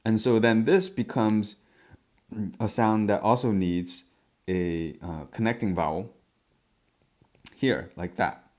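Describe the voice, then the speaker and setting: A man teaching a language lesson, explaining step by step with frequent fillers and throat clearing. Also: fairly low pitch, slow, pauses often, darkish tone.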